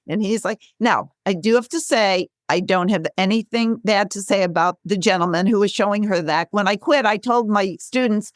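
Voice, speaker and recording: A woman in her sixties, a guest author and speaker, telling stories in an interview with lively, laughing delivery. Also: moderate pace, few pauses, no room sound, clean studio sound. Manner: animated, acts out quotes with bright pitch jumps, laughs often. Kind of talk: conversational storytelling.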